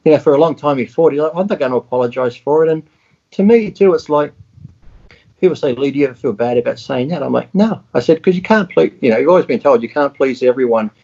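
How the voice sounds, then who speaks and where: A man's voice: fairly high pitch, fast, vocal fry, mellow, slightly rough. A man in casual chat, blunt and profane, telling stories with animation. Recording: dull lo-fi sound.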